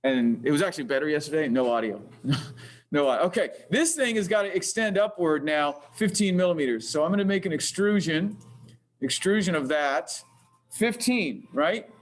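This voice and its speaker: A man teaching engineering design software, thinking aloud as he demonstrates, often hesitating and correcting himself. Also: a little high, lively intonation, a little fast. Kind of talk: screen-recorded software tutorial. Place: classroom with projector. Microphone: computer mic while demonstrating.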